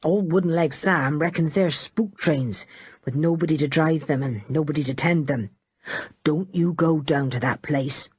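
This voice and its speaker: A weathered old shepherd speaks in a lowered, gruff voice, as a woman narrator puts him on. His warnings come out slow and rustic, with a slightly husky edge, in a dry, close storybook recording. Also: darkish tone, no room sound. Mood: ominous.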